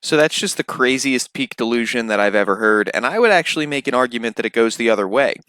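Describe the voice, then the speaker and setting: A man narrates commentary at a middling pitch, mocking and sarcastic. The sound is dry and close. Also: expressive, fast talker, a bit bright, no echo. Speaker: commentary channel host. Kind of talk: commentary voice-over.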